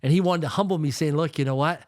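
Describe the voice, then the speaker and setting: A man's voice: a little high, fast talker, darkish tone, no room sound, studio quality. A man in his fifties from Canada, a guest telling stories in an emphatic way, repeating words and acting out quoted voices. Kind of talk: storytelling interview talk.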